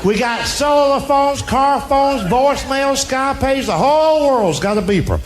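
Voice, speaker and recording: A man with a Southern US accent and an extremely high-pitched voice tells folksy stand-up stories at a moderate pace with lively intonation, drawling out his punchlines. Recorded live on a comedy stage in a roomy space, the show has a noisy background and loud audience laughter.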